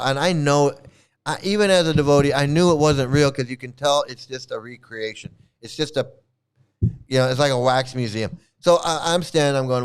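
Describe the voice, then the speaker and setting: Rambling, mocking man with a smooth voice. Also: medium pitch, moderate pace. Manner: rambling, restarts often, mocking, laughs while talking. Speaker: channel host, former devotee. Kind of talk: casual storytelling rant.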